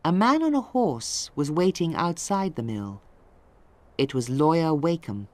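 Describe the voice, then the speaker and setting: Slow, deliberate woman narrator. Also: deep voice, sing-song, darkish tone. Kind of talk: slow graded-reader audiobook narration.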